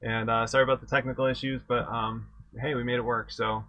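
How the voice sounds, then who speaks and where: A man running a casual exam review session as instructor, easygoing and halting, often repeating words as he thinks aloud. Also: mid-range voice, level tone, dry recording, dull audio. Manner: easygoing, self-deprecating. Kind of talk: casual live-stream lecture.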